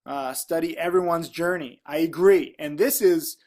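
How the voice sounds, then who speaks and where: A man's voice: a little high, moderate pace, a little mellow. Upbeat rambling man reading viewer comments. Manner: rambling, frank, upbeat, with many fillers and restarts; reads comments aloud and reacts to them. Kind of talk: casual vlog talk to viewers.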